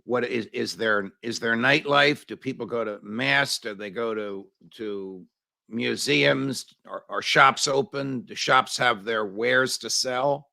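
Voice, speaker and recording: A male interview host with a gravelly, bright edge to his voice. He probes his guest with searching questions, stopping often to restart his sentences. The sound is dry and close to the mic. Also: mid-range voice, dry recording. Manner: probing, pauses with fillers and restarts. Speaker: show host.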